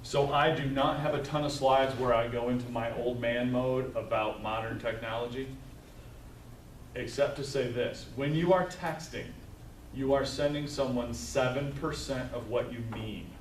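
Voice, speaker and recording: A man's voice: medium pitch, fairly even intonation, normal speed. A man leading a live staff training session, talking conversationally, telling stories and checking in with "right?" as he goes. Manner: conversational, storytelling, tags points with "right?". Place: training room with tables. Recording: echoey room, mic far off, faint noise.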